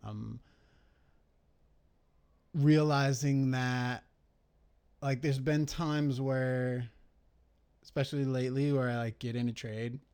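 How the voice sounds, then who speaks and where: Young guy, mid-pitched, slow-talking, casual trade recap with lots of swearing and self-criticism. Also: darkish tone. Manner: rambling, profane, self-critical, thinking aloud. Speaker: day trader reviewing his trades.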